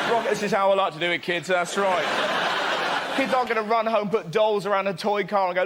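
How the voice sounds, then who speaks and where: A man doing a playful, excitable stand-up routine on a comedy panel show. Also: high-pitched, fast talker. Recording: noisy stage recording with audience.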